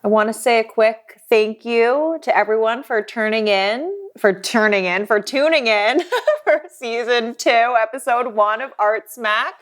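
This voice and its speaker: A woman's voice: fairly high pitch, unhurried. A woman co-hosting a podcast in casual chat, giggly and teasing. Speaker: podcast co-host.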